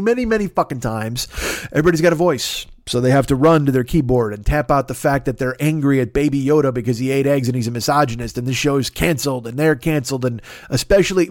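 A man hosting a podcast, ranting in a casual comedic monologue, swearing constantly and jumping into sudden high-pitched outbursts. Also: dry recording, clean studio sound. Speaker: podcast host.

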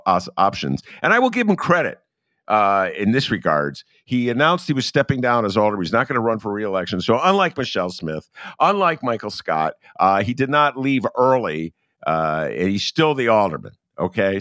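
Low, dry-voiced man; emphatic political talk host, halting delivery. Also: fairly bright tone, no room sound. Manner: emphatic, halting with many uh fillers. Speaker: radio host.

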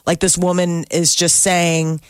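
Animated woman telling a story on radio. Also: fairly low pitch, unhurried, smooth, dry recording, clean studio sound. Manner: animated storyteller, acts out quotes. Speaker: radio show co-host. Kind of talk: casual morning radio chat.

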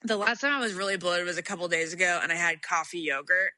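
A young adult woman co-hosting a podcast, telling stories in animated casual chat with frequent laughter. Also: lowish voice, fast, no echo. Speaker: podcast co-host.

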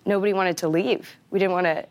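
Woman actor guest, lower register, chatty and giggly, casual. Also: fairly even intonation, fast talker. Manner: laughs often, chatty with many fillers. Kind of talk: casual interview chat.

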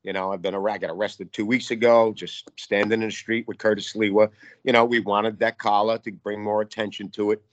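A man's voice: fairly low pitch, flat delivery, brisk, no room sound. A man from New York, a guest artist, talking in a casual interview in a profane, fired-up, rambling way.

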